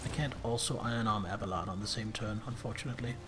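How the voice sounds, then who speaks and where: A man streaming a game live, chatting through his turns and breaking into excited outbursts. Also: lowish voice, quick pace. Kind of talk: live gameplay commentary.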